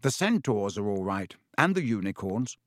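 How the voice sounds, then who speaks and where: A man's voice: fairly low pitch, big pitch swings, moderate pace, no room sound, studio quality. A man voicing a determined teenage boy wizard in an audiobook, speaking firmly. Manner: firm, quiet. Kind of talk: audiobook reading.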